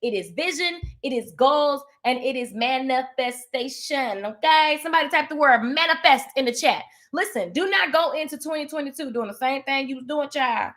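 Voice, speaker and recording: A woman's voice: high voice, expressive, moderate pace, few pauses, a bit bright. A woman hosting a motivational livestream, sassy and preachy, repeating lines for emphasis. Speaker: livestream host.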